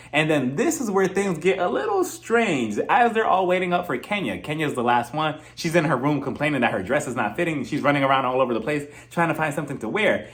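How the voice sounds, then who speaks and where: Chatty man recapping reality TV. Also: on the high side. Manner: chatty, laughs often, acts out quotes. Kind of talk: casual solo commentary.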